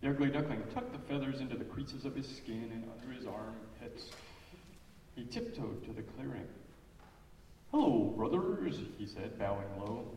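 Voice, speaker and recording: A man reading a children's story aloud in church, expressive and lively. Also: mid-range voice, normal speed. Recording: echoey church hall, far off, faint noise.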